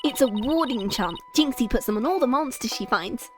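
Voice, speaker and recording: A woman voicing a cheerful young woman lawyer from a game, with a bright, bouncy line reading. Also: fairly high pitch, animated, normal speed, music in the background, natural voice. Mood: chipper.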